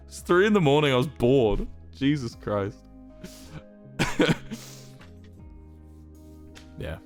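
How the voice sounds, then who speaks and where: A man's voice: medium pitch, a little slow, long pauses. Young streamer guy rambling thru a story, voice all over the place, faint music behind. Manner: rambling, self-amused, lively anecdote telling. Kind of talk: casual storytelling to chat.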